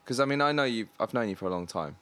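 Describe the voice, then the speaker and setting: A man's voice: mid-range voice, animated, rapid-fire, a bit bright. A man hosting a casual conversation, asking friendly, easygoing questions with plenty of fillers. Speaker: podcast host.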